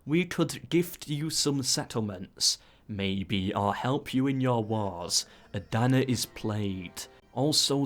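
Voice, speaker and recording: A man giving casual play-by-play commentary on a strategy game, breaking into excited asides. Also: medium pitch. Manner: excitable, frequent "ooh"s and asides.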